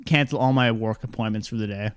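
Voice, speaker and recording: A man's voice: lowish voice, quick pace, clean tone, no room sound. Man rambling through a story, dry mic. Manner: rambling anecdote with acted quotes and frequent fillers. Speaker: podcast co-host. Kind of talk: casual chat, storytelling.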